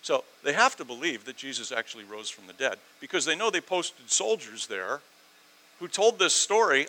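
A man preaching a sermon, animated, swinging from loud emphatic lines to quiet asides, with sarcastic rhetorical questions. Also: high voice, unhurried, low-quality recording.

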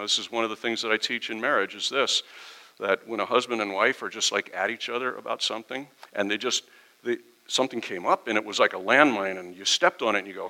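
A man's voice: on the low side, bright, forceful tone, rough recording. A middle-aged pastor giving a conversational sermon, acting out quoted exchanges with his congregation.

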